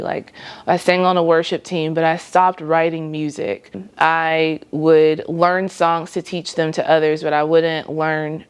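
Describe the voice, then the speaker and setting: A woman's voice: low-pitched, smooth. A young adult woman sharing a faith-based personal vlog, talking in an earnest, reflective way with light laughs between thoughts. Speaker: vlogger.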